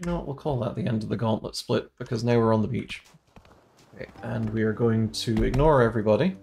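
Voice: medium pitch, fairly quick, gravelly, a little mellow, faint music behind. A streamer chatting playfully and commenting on the game while speedrunning. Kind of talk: casual chat while playing a game.

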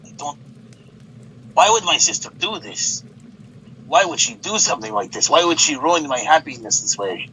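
A man's voice: on the high side, sing-song, normal speed, long pauses, bright, forceful tone, slight background noise, low-quality recording. A man voicing a heartbroken, self-pitying young man who whines and stammers.

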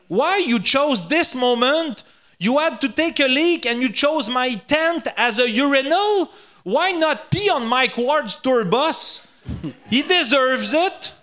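Bright high-voiced Quebec French man joking. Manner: keeps laughing at his own jokes; halting, repeats words and restarts. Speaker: comedian practicing English. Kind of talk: reading a stand-up bit aloud.

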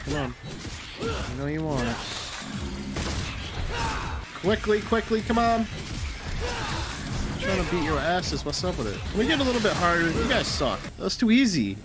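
A man giving casual, excitable gameplay commentary with plenty of cursing and trash talk, his nose stuffy. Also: high voice, normal speed, long pauses. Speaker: gaming video creator. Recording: game music behind.

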